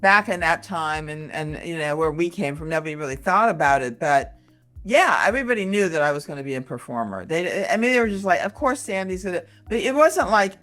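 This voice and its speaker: A woman in her sixties, from Michigan, talking as a comedian guest in a casual interview, animated and full of quick asides and restarts. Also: on the low side, faint music behind. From Michigan, USA. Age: 60s.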